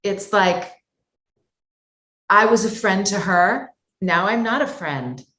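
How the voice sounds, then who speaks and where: Slow-speaking woman in an echoey room. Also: medium pitch, a bit bright. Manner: thoughtful, circles back with many asides. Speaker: guest voice actor. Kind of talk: conversational interview talk.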